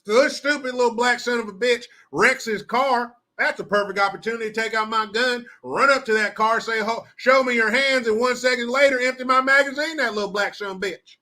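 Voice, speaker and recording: A man's voice: extremely high pitch, brisk, few pauses, bright, forceful tone, pitched above the performer's own voice. A man voicing a hot-headed Southern white cop with a drawling Southern US accent, talking crude and blustering. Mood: furious.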